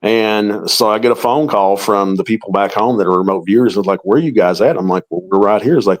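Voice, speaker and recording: A man's voice: fairly low pitch, brisk, hardly any pauses, poor audio. A middle-aged man, a paranormal investigator, telling a long story in an interview and acting out the quoted dialogue.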